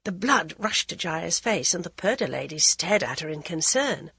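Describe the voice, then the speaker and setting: A woman narrating an audiobook in an even storytelling manner. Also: lowish voice, normal speed, few pauses, slightly rough. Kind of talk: scripted narration.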